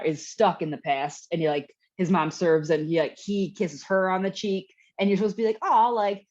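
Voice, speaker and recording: Here a female podcast co-host keeps the talk loose and casual, wandering through her points with frequent fillers and false starts. She has a lowish, slightly mellow voice, captured in dull lo-fi audio.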